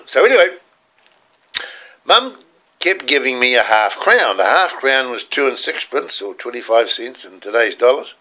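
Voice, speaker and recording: A man's voice: mid-range voice, big pitch swings, measured pace, pauses often, sharp tone. An older man with an Australian accent, telling rambling, earnest stories from his childhood. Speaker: storyteller. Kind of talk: personal childhood storytelling.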